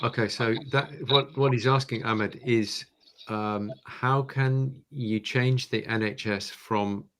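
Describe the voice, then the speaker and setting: A male podcast host chats casually in an interview, speaking haltingly and laughing easily. His voice is medium-pitched and fairly bright, with fairly even intonation.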